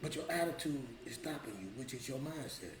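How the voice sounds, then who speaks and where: A middle-aged man hosts a motivational show, talking casually and emphatically and repeating his points in a colloquial, preachy way. His mid-range voice is expressive and fairly quick, with a little hiss or hum and a roomy echo with faint ambience.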